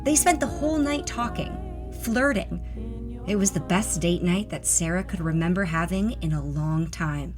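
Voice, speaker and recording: A woman narrating a scripted story in an expressive, unhurried way. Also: medium pitch.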